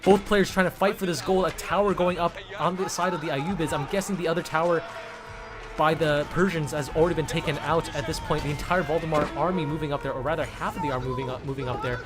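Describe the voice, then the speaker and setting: A man's voice: a little high, steady tone, quick pace. A man giving casual live commentary on a strategy game tournament, rambling and restarting words as he goes. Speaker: caster. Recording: music playing behind.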